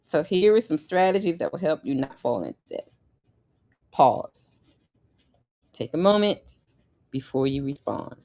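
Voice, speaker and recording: Woman w/ giving pep talk to the ladies, lowish voice, says things twice for emphasis. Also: very animated, measured pace, pauses often, mellow. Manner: emphatic, repeats key lines, sassy asides. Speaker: lifestyle podcast host. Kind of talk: motivational talk to women.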